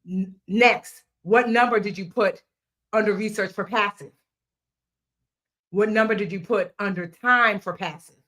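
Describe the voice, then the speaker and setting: A woman in her thirties hosting a live online money class, playful and chatty, talking straight to her viewers with slang and asides. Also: medium pitch. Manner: lively, playful, talks straight to viewers, drops into slang and snatches of song. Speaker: financial educator hosting a live workshop.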